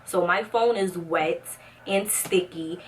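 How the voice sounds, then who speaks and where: A young woman telling a dramatic storytime, acting out the quotes with lively, rising pitch. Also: slow pace, far from the mic, a little hiss or hum. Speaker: vlogger. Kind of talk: storytime vlog.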